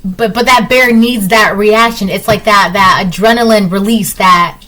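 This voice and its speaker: A woman's voice: mid-range voice, moderate pace, fairly bright tone, rough recording. A woman giving a casual tarot reading to her viewers. She repeats herself often and keeps checking in with "right?". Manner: acts out little voices in her examples. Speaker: tarot reader.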